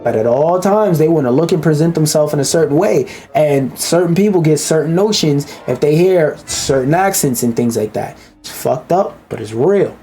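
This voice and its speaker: A man's voice: fairly high pitch, animated, normal speed, mellow, soft background music. A man giving a blunt, profane, ranting commentary as he reacts to a video.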